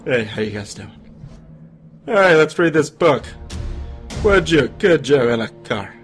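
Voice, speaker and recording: A man putting on a lowered, deadpan impression of a well-known actor reading a rhyme. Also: unhurried, faint music behind. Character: laid-back deep-voiced man doing an actor impression.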